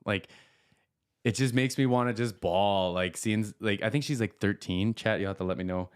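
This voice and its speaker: A man's voice: on the low side, moderate pace, smooth. A man hosting a podcast live stream, talking casually, full of fillers and easy laughs. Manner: chatty, laughs easily, many fillers. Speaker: podcast host.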